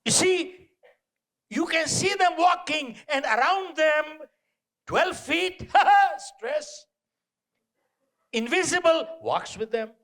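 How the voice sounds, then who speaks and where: A man giving a live motivational talk to an audience, animated and punchy, repeating short phrases and throwing out rhetorical questions. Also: extremely high pitch, takes it slowly, pauses often. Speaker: motivational speaker. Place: indoor event venue.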